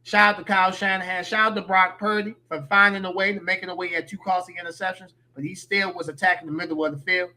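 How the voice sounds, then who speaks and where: A man's voice: high voice, level tone, quick pace, few pauses, pushed and bright. A man giving opinionated, slangy sports talk as a podcast guest.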